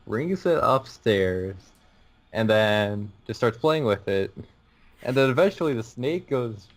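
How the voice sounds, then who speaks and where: Teen guy rambling thru a story on a podcast, kinda low voice, keeps laughing and restarting. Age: teens. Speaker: podcast co-host. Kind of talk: casual storytelling chat.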